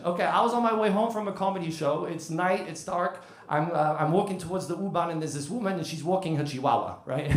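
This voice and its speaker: A man's voice: high voice, roomy sound. A man in his thirties from the UK doing a chatty stand-up comedy set with crowd work. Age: 30s. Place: comedy club stage.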